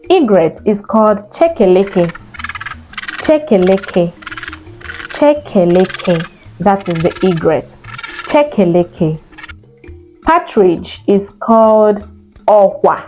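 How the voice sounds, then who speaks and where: A woman, an Igbo speaker, teaching vocabulary and slowly repeating each word for learners to copy. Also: medium pitch, darkish tone. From Nigeria. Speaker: language teacher. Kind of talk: vocabulary lesson.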